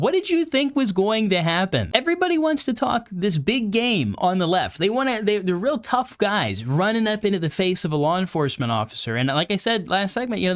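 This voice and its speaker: Sarcastic man with a higher voice. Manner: sarcastic, mocking, animated with put-on quote voices. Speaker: podcast host. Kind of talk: opinionated political commentary.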